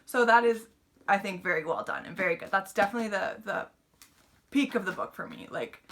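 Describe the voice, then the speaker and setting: A woman's voice: mid-range voice, a little fast, fairly bright tone. A woman giving a casual, chatty book review, retelling the plot with lots of "like" and fillers.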